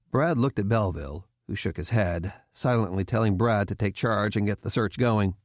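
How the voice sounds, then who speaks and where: A lowish male voice carries this scripted audiobook narration, told in an even, measured way. It's studio quality with no echo at all.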